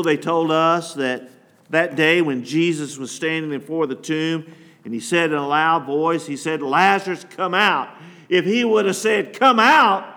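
A man's voice: fairly high pitch, fairly bright tone. A man pastor preaching a sermon, reading scripture and asking the congregation to call out words.

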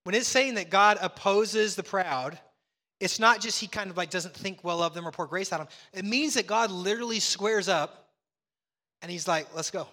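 Middle-aged pastor guy preaching, bright high voice, echoing church hall. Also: normal speed. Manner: animated, acts out dialogue. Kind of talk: sermon.

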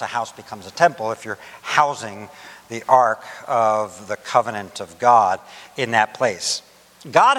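A man preaching a sermon on scripture, animated and emphatic as he voices God's words to David. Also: mid-range voice, long reverb tail.

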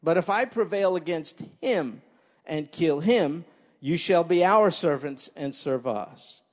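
A mocking, sarcastic giant soldier hurls challenges at the ranks opposite, voiced by a man reading from a sermon. The voice sits high and swings widely in pitch. It rings with a long reverb, as in a large hall. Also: animated, slow. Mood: taunting. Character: boastful giant male warrior, taunting and sarcastic.

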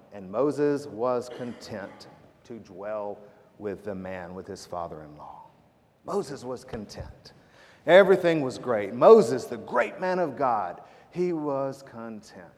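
A male pastor preaching a sermon in a church, swinging between loud emphatic lines and hushed prayer. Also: mid-range voice. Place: church sanctuary. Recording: long church hall reverb.

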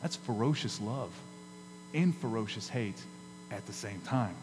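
A man's voice: fairly low pitch, animated. Guy preaching in a church, big hall echo, faint hum behind him, punchy and emphatic. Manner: emphatic preaching with dramatic pauses and rises. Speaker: pastor. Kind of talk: sermon. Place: church sanctuary.

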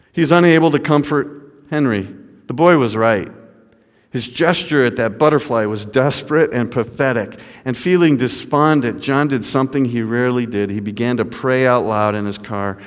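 A man's voice: medium pitch, moderate pace. Man preaching in a reverberant hall. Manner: dramatic, swinging from hushed to raised. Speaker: pastor. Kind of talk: sermon storytelling.

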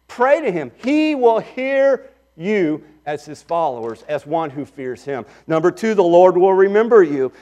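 Man preaching with rising emphasis. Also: high voice. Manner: dynamic preaching, swinging between loud emphasis and soft asides. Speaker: pastor. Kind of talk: sermon.

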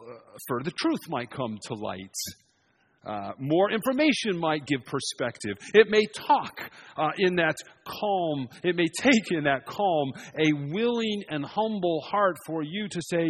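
Husky-voiced man preaching. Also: fairly high pitch, sing-song, a little slow. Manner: expository preaching with rising emphatic passages and quiet asides. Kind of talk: sermon.

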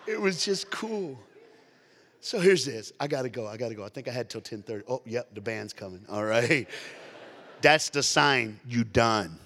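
An American man giving an energetic youth sermon as a guest preacher, animated and laughing often, swinging from hushed lines to loud ones. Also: medium pitch, moderate pace. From United States. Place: large church hall. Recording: long hall reverb.

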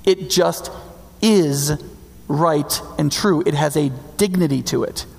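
A man preaching a sermon in a conversational, emphatic way, slowing down to stress key words. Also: on the high side, vocal fry. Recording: long reverb hall.

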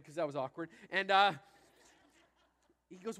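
A man preaching as a pastor, telling a story in an energetic, chatty, self-deprecating way. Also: high voice, moderate pace, long pauses. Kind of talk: sermon with storytelling. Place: large church hall. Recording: church hall reverb.

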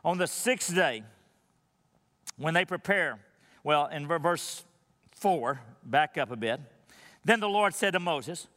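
A man's voice: a little high, lively intonation, slow pace, long pauses, sharp tone, long reverb tail. A man preaching a sermon as pastor, in a conversational way full of rhetorical questions.

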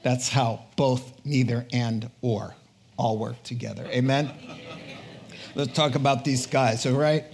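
A man's voice: mid-range voice, steady tone, unhurried, creaky, a little mellow. A man preaching a sermon with energy, exhorting and repeating words for punch, with joking asides. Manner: jokey asides, laughs at himself.

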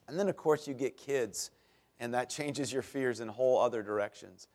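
A middle-aged man preaching a sermon as pastor, telling stories in a chatty way with self-deprecating humor that grows animated at the punchlines. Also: fairly quick. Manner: animated, rises in pitch and volume at punchlines.

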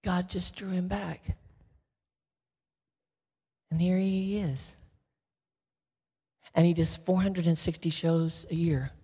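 Husky man speaking in a reverberant hall. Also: high-pitched, slow, pauses often. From Texas. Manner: shifts from lively storytelling to soft emotional whispers. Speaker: guest speaker, ventriloquist. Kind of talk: inspirational storytelling talk.

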